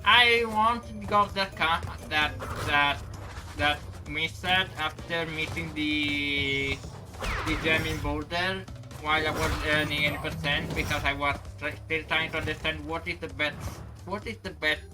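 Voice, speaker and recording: Speedrunner rambling over loud game music. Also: mid-range voice, steady tone. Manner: rambling, self-deprecating, halting restarts. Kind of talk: casual commentary while playing.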